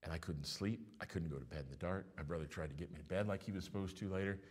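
A middle-aged man preaching a sermon as pastor, telling stories with animated swings between hushed and loud delivery. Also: sits low, fast, slightly rough.

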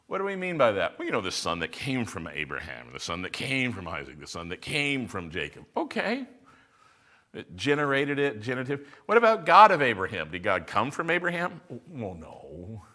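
Lively man preaching a teaching sermon. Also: fairly low pitch, moderate pace. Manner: lively teaching voice, asks and answers rhetorical questions. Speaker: pastor. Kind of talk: expository sermon.

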